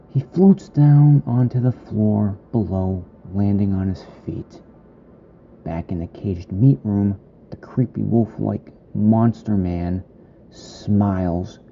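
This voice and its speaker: Slow, gravelly-voiced man narrating horror. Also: fairly low pitch, mellow, highs cut off, slight background noise.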